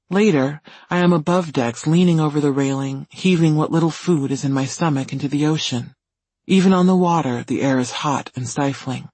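A man reading a first-person story in calm, even scripted narration. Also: on the high side, normal speed, slightly rough, dry recording. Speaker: audiobook reader.

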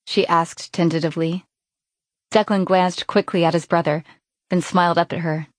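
A woman narrating an audiobook in an even, clear reading voice. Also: deep voice, fairly quick, dry recording. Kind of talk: scripted narration.

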